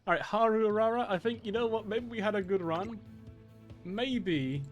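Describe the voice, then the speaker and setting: A man streaming a game, talking casually and cursing often in loud, exasperated outbursts. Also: high-pitched, normal speed, highs cut off. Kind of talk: casual live-stream commentary. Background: game music.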